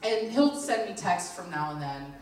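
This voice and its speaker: A woman's voice: lowish voice, expressive, moderate pace, a little mellow. A woman in her thirties tells a stand-up routine in a chatty, storytelling way, acting out other people's lines as she goes. Her voice is caught from a distance by the mic. It bounces around a very echoey room, with faint ambient noise underneath. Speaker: stand-up comedian. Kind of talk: live stand-up comedy. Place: lounge stage.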